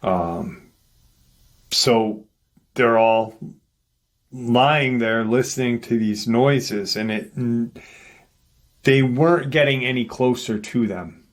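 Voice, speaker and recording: A man with a mid-range voice hosts a paranormal channel, retelling an encounter story. He takes his time and sounds hesitant, full of fillers and restarts.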